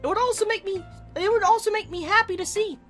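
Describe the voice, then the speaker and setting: A woman voicing a cheerful teenage girl who is a club president, reading game dialogue aloud in a bright, friendly, encouraging way. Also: very high voice, normal speed, soft background music, voice pushed up.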